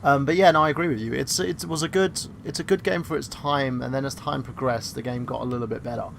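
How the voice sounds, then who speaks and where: A man's voice: mid-range voice, fairly even intonation, fast talker, vocal fry, fairly bright tone, a little hiss or hum. A man co-hosting a casual podcast chat who rambles, stammers and reads chat comments aloud. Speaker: podcast co-host.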